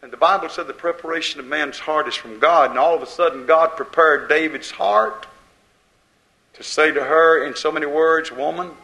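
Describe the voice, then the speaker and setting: A male pastor delivers a fervent sermon in a bright, slightly raised voice. He surges in volume and then sinks low, pressing each point on his listeners. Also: normal speed, poor audio. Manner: impassioned preaching, rising and falling in loudness.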